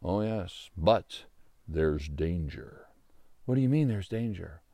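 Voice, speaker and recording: A man doing a low, gravelly patient lumberjack. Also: lively intonation, warm tone, no echo, studio quality, heavily acted. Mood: hushed. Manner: slow, drawn-out explaining. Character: patient, folksy grown lumberjack explaining nature. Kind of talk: storytelling voice acting.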